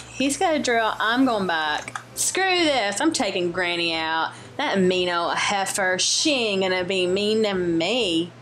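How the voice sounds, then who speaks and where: A young woman giving excitable, jokey Let's Play commentary as a gaming YouTuber, often exclaiming and shrieking. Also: mid-range voice. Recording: faint game music behind.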